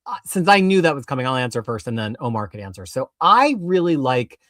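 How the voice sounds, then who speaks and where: A man's voice: medium pitch, very animated, fairly bright tone, no room sound. Enthusiastic man, dry close sound. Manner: enthusiastic, quick to laugh. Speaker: co-host. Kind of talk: casual live chat.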